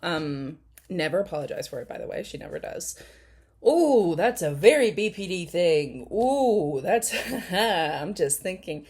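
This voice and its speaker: A woman's voice: lowish voice, lively intonation, moderate pace, few pauses, breathy edge. A woman giving casual reaction commentary, chatty and rambling, with frequent laughs and ums. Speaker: commentary YouTuber.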